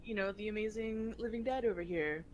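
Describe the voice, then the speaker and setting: A woman's voice: mid-range voice, a little fast, dull audio, a little hiss or hum. A woman co-hosting a live art critique stream, chatting in a playful, upbeat way. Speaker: co-host. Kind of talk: casual live-stream chat.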